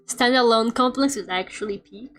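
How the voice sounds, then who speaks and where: A young woman, a streamer and artist, chats casually and playfully as she draws, full of fillers and joking rants. Her voice sits on the high side at a moderate pace, with quiet game music in the background.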